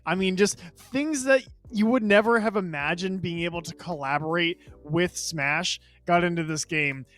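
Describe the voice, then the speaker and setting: 爱笑的男播客主持. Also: male voice, high-pitched, moderate pace, fairly bright tone. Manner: rambling, enthusiastic, laughs often. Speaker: podcast co-host. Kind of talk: casual gaming chat.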